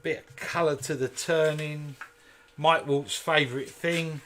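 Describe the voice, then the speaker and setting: Bright-voiced chatty man in a workshop. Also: a little high, fairly even intonation, measured pace, faint music behind. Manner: chatty, jokey asides to viewers. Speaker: woodturner and channel host. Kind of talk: casual live workshop demonstration. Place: home workshop.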